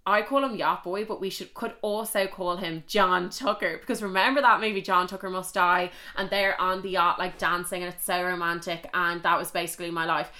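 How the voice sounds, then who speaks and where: A young Irish woman tells a story in a casual, chatty way, quick to swear and full of animation. Her voice sits a little low but has a bright, forceful edge. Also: fairly even intonation. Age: young adult.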